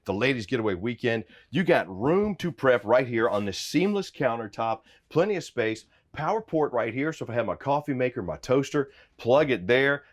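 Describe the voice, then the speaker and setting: A man giving an upbeat walkthrough of a travel trailer, pointing out features as he goes, recorded inside the trailer. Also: fairly low pitch. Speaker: RV salesman giving a walkthrough tour. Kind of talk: product walkthrough.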